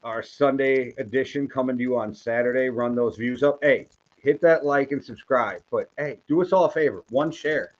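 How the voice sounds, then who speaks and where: An older man with a Wisconsin Midwestern accent talks sports picks in a relaxed, profane, joking way. The recording is slightly dull and lo-fi. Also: medium pitch, moderate pace. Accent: Midwestern American. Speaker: podcast co-host. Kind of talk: casual sports-betting chat.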